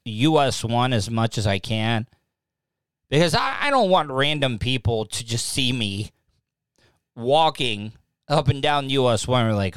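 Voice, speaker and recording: Speaking in an unhurried, animated way, a man with a medium-pitched, slightly bright, clean voice hosts a casual live podcast with no room sound. He's in a home studio lit by lamps, using a desk mic and a mixing board. His talk rambles, leans self-deprecating, and circles back on itself repeatedly.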